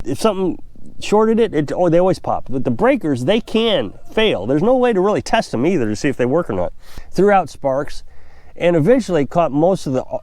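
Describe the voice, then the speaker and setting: Lively-voiced middle-aged man telling stories. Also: fairly high pitch, no echo. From Missouri, USA. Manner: rambling, conversational, self-correcting. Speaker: off-grid homestead vlogger. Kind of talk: casual storytelling to camera.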